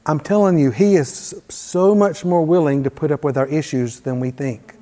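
Guy preaching a sermon, high mellow voice, chatty, long echo like a big church hall. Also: moderate pace. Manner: conversational, reads scripture aloud with emphasis.

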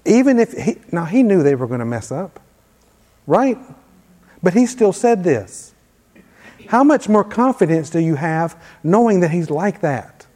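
A man with a high, mellow voice preaching a sermon in a conversational way. He reads scripture aloud with emphasis, and his voice carries a long reverb from a large church hall. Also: big pitch swings, a little slow.

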